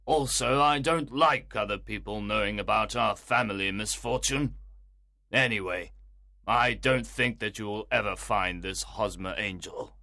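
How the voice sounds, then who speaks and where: Brief: guilty stepfather for an audiobook, stiff then blustering, bright sharp tone, a man doing the voice. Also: fairly low pitch, unhurried, creaky, no room sound, clean studio sound, voice pushed up, exaggerated voice. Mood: stiff polite. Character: nervous defensive middle-aged stepfather. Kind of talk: audiobook reading.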